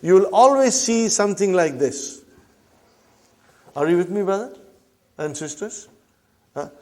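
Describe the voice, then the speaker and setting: A man teaching a classroom Arabic lesson, slowly drilling phrases and often checking that his students follow. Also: high-pitched, expressive, darkish tone.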